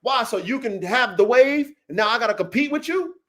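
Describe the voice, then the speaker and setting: On a casual livestream podcast, a dog breeder and host with a noticeably high voice rants brashly and profanely, boasting of his experience. He's animated, fairly quick and fairly bright in tone, hammering home each point and calling on listeners by name.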